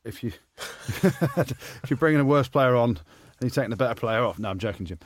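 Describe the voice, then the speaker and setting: A man co-hosting a podcast in casual chat, animated and teasing, his voice jumping high when he is incredulous. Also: brisk, dry recording, studio quality. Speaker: podcast co-host, former rugby player.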